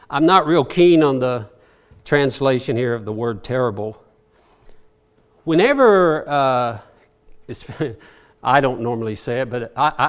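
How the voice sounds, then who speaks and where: Lively older man preaching. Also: on the high side. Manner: folksy, asks rhetorical questions and chuckles. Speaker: pastor. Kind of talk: conversational sermon.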